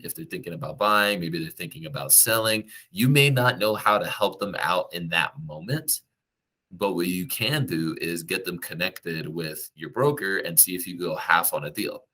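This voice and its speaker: A man's voice: sits low, pushed and bright. A man who works as a real estate agent, giving direct, coaching advice to the viewer in a casual vlog.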